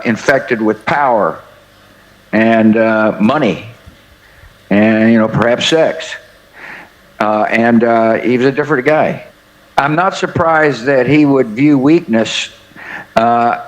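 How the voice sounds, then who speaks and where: Folksy older man, halting with fillers. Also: mid-range voice, rough recording. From United States. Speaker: former head of state, interview guest. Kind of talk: anecdotal interview answers.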